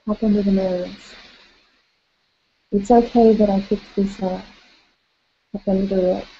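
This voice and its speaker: A woman leading a guided tapping session, calling out tapping points and gently coaching listeners through spoken affirmations. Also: mid-range voice, flat delivery, unhurried, muffled recording, a little hiss or hum.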